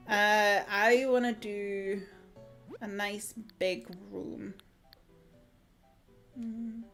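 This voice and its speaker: A woman livestreaming a game, chatting casually, reacting aloud and laughing easily. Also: medium pitch. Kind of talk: casual gameplay commentary.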